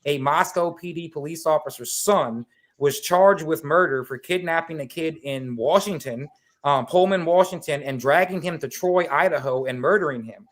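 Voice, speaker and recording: A man with a slightly higher voice, talking on a remote call and telling a story with lots of energy. He rambles, swears and piles on fillers as he goes. The call audio has that typical video-chat sound. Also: moderate pace, a bit bright. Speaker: guest. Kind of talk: casual podcast chat.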